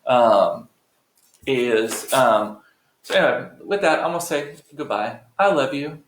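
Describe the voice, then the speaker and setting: A man's voice: medium pitch, expressive, measured pace, a little hiss or hum. A middle-aged man hosting a live stream, chatting casually and rambling to his viewers with playful swearing. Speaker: livestream host. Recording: roomy echo.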